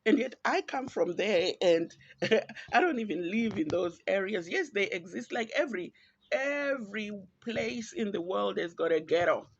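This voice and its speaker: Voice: medium pitch, animated, unhurried, breathy edge. A podcast host from Zimbabwe, with a Zimbabwean accent, giving earnest, reflective and pointed solo commentary. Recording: dull lo-fi, dry.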